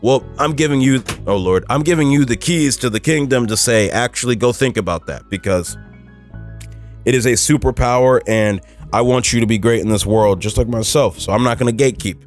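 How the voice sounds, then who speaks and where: A man's voice: medium pitch, a little fast, soft background music. A man hosting a motivational podcast, talking casually and emphatically with lots of fillers, pushing his voice up to stress points. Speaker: podcast host.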